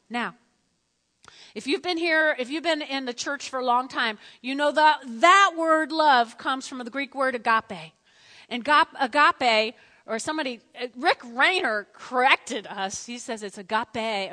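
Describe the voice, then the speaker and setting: A woman preaching a sermon in a church, animated and repetitive, calling on the congregation to respond. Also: fairly high pitch, in a large hall. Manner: animated, repeats phrases, asks the congregation to respond. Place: church sanctuary.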